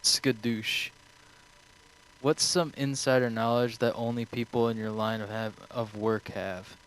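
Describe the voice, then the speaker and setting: A man's voice: medium pitch, level tone, unhurried, a bit bright, clear, resonant tone, rough recording. A young man streaming, answering viewer questions in a rambling, offhand way full of swearing. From United States.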